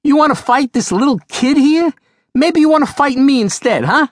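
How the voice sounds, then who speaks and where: A man's voice: very high-pitched, expressive, normal speed, no echo, clean studio sound, voice pushed up. Man doing a brash New York schoolgirl. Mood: taunting. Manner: brash, streetwise taunting.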